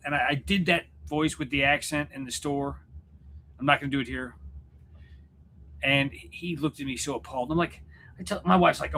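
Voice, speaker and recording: A man with a bright, forward voice hosts a casual livestream chat. He rambles and jokes, restarting his sentences as he goes. A faint hum of noise sits under the voice. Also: a little high, moderate pace, pauses often. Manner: rambling, self-interrupting, joking. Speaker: YouTube channel host and musician. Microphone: computer setup at home.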